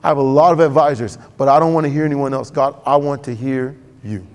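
A man's voice: medium pitch, fairly even intonation, fast talker, darkish tone, smooth, big-room sound. A male pastor preaching a sermon in a conversational way, acting out quoted voices.

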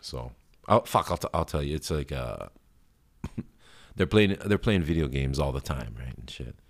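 A man in his thirties with an extremely low, rumbling voice, talking loosely as a podcast host. He rambles in a laid-back way, swears freely and fills gaps with "um" and quick laughs. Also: animated, gravelly. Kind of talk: casual solo podcast chat.

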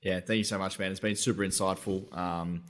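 A man's voice: low-pitched, flat delivery, fairly quick. A man hosting a podcast, friendly and thankful as he wraps up the episode. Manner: friendly, thanks guests warmly, wraps up the show. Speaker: podcast host. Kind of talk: casual podcast conversation.

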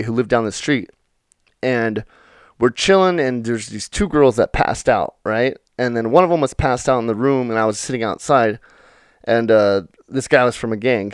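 A man's voice: medium pitch, clean tone, dry recording, clean studio sound. Rambling, profane male podcast host. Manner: rambling and profane, full of "you know" fillers. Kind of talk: unrehearsed storytelling monologue.

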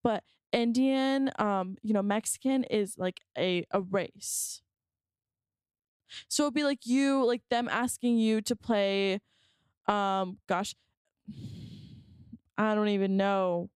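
A woman's voice: mid-range voice, slow pace, pauses often, a little mellow, clear, resonant tone, no echo. Podcast co-host, woman, loose rambling chat with lots of fillers, dry close sound. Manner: rambling, hesitant, many fillers and restarts. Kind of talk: casual chat.

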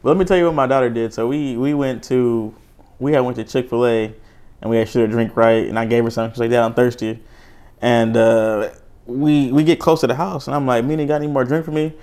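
A man in a casual chat as podcast co-host, spinning an animated story. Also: mid-range voice, brisk, clean tone. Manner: animated storyteller who laughs as he talks.

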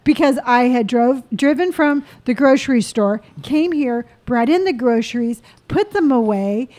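A woman's voice: high-pitched, expressive, measured pace, darkish tone. A middle-aged mother chatting playfully on a family podcast and laughing often. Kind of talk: casual family chat.

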